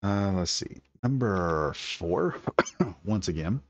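A man's voice: low voice, expressive, slow pace, no echo, muffled recording. A man giving casual, enthusiastic gameplay commentary, thinking aloud as he builds. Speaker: gaming video creator.

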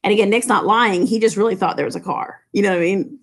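A woman's voice: medium pitch, fast, vocal fry. A woman teacher reading a novel aloud to her students and explaining it in casual, chatty asides. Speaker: English teacher.

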